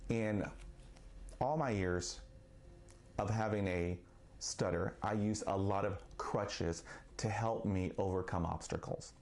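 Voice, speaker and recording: A man speaking slowly and earnestly about his own life in a personal vlog, with occasional stuttered restarts. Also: lowish voice, a little mellow. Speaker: vlogger sharing his experience of stuttering.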